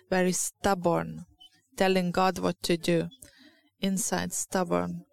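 A woman's voice: on the low side, little pitch movement, takes it slowly, creaky. A woman with a Lithuanian accent giving an informal sermon, hesitant and searching for words, reading scripture aloud. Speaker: church speaker.

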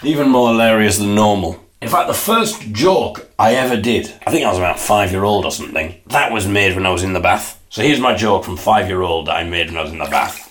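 A man with a low voice talks as the host of his own comedy podcast while he sits in the bath. He delivers a deadpan monologue in a self-important, dry way. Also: a little fast, few pauses, slight background noise. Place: bathroom, in the bath.

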